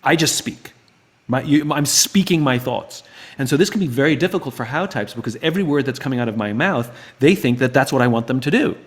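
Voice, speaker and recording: Man, book club host, live Q&A, thinks out loud, restarts sentences, middle pitch. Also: expressive, fairly quick. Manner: acts out both sides of dialogues in raised voices. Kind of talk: live Q&A talk to viewers.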